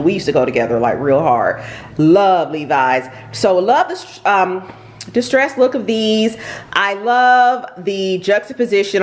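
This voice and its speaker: Here a middle-aged shop owner vlogs a haul, breathlessly thanking customers and describing outfits with plenty of ums and repeated words. Her voice is mid-range, and the room sounds reverberant on the nearby camera or phone.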